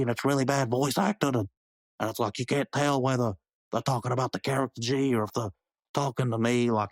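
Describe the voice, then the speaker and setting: A man's voice: medium pitch, fairly even intonation, fairly quick, no room sound, clean studio sound. A man co-hosting a comedy podcast, rambling and nitpicking in goofy improvised banter. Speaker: podcast co-host.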